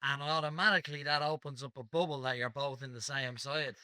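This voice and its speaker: A man attending a seminar earnestly checks his understanding with the teacher. His voice sounds very bright and edgy. The recording is dry and close. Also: medium pitch, fairly even intonation, fairly quick, no echo. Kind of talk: asking a question in class.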